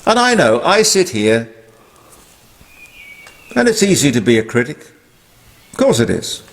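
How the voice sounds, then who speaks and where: A man's voice: mid-range voice, big pitch swings, measured pace. An older man, delivering an emphatic, indignant political commentary monologue. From Australia. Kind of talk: opinionated monologue.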